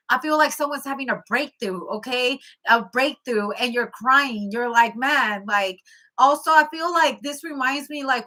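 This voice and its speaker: A woman's voice: high-pitched, sharp tone. A woman giving a casual tarot reading to camera, emphatic and repetitive, often checking in with "okay?". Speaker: tarot reader.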